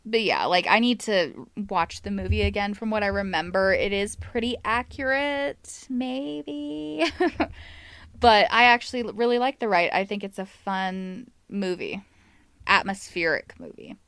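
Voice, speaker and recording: A woman's voice: mid-range voice, expressive, moderate pace, a bit bright, clean tone, no echo. A woman hosting a paranormal podcast, chatting casually about demon lore with wry asides. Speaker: podcast host.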